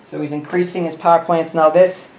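A man hosting a board game session, explaining the rules and counting pieces out loud as he plays. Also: on the high side, flat delivery, fairly quick. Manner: thinks aloud, counting pieces and muttering rules. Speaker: host. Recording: roomy room with faint noise.

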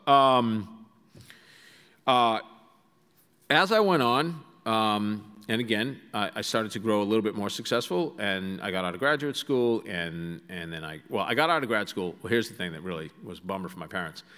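A middle-aged author with a Boston accent addresses a large auditorium in a clear, resonant voice on the low side. He's expressive, with a sharp tone and moderate pace, telling wry anecdotes with asides, and the hall adds long reverb.

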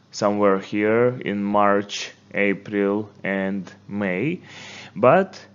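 Male language teacher, very slow and patient, lowish voice, slightly muffled lo-fi recording. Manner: slow, patient, repeats words for the learner. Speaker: English teacher. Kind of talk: slow, deliberate language lesson.

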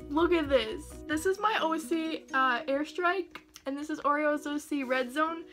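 Bright, high-voiced excitable woman vlogger. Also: a little slow, hardly any pauses, soft background music. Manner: excitable and gushing, laughing often. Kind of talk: casual unboxing vlog.

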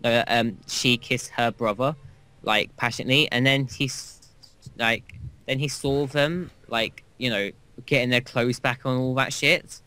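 A man's voice: medium pitch, fairly even intonation, unhurried, pushed and bright, clear, resonant tone, dry recording. A man co-hosting a game playthrough, telling a long, crude anecdote in a rambling, casual way. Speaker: gaming co-host. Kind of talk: casual gameplay chat.

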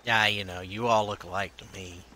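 A man's voice: fairly low pitch, fairly even intonation, a little fast, sharp tone. A man joking sarcastically and cussing while playing a game online with a friend. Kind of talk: casual gaming chat.

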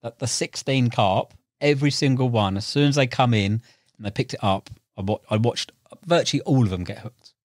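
Brisk and mid-range, a young podcast guest who fishes for carp swaps casual fishing stories, recorded in clean, echo-free studio sound. He acts out quotes animatedly and leans heavily on slang and fillers.

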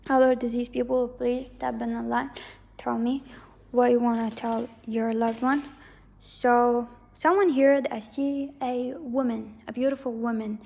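A woman's voice: fairly high pitch, a little mellow. A woman giving a casual psychic tarot reading, rambling and hedging as she repeats herself. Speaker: tarot reader.

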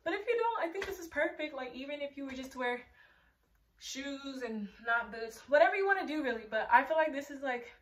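A woman's voice: high voice, expressive, brisk. A young woman chatting casually to camera as a fashion vlogger, rambling with lots of filler words and a little out of breath. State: slightly out of breath. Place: bedroom.

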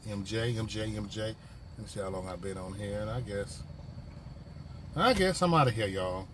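A man's voice: lowish voice, moderate pace, fairly bright tone, a little hiss or hum. A man hosting a casual live stream from his phone, talking loosely in profane, rambling banter with viewers. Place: on a work break, vehicle sounds nearby.

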